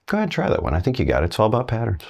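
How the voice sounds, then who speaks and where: A man's voice: fairly low pitch, huge pitch swings, rapid-fire, vocal fry, a little mellow. A middle-aged man giving a video language lesson, talking straight to the viewer in a folksy, encouraging way. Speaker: Spanish teacher.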